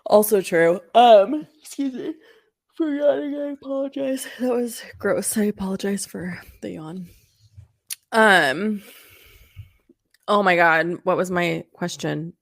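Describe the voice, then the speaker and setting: A woman's voice: mid-range voice, slow, gravelly, no echo, clean studio sound. A woman hosting a podcast in casual chat, thoughtful and searching for her words as she goes. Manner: thoughtful, searches for words, many fillers and restarts. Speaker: podcast host.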